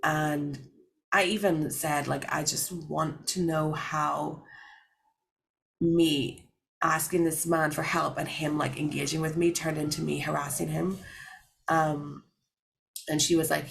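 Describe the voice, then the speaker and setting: Low, gravelly-voiced woman vlogger. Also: level tone, slow pace, rough recording. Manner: rambling, many fillers and restarts. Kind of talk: casual storytelling to camera.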